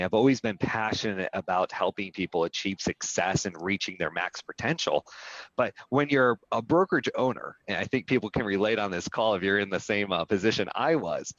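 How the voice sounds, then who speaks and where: A man with a lowish, fairly bright voice is interviewed as a guest on a live video call; he's a real estate brokerage executive. He tells a personal story earnestly, often asking "right?", on dull, dry lo-fi audio.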